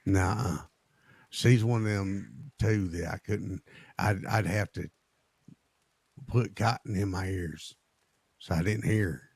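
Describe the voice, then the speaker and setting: A man's voice: deep voice, takes it slowly, pauses often, a little mellow, no room sound. A man, talking in a drawling, teasing way as a roleplay character. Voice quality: gravelly, husky.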